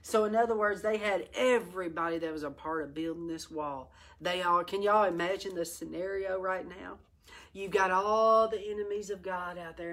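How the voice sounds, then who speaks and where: A woman's voice: fairly low pitch, normal speed, a bit bright. Fiery woman Bible study teacher. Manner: fiery, exhorting, breaks into laughter and exclamations.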